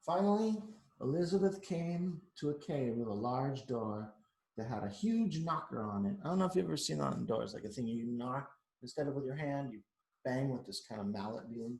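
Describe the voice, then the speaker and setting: A man's voice: medium pitch, animated, moderate pace, creaky, darkish tone, roomy sound. Chatty man reading a picture book aloud. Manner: chatty, adds asides to the kids. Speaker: teacher reading to children.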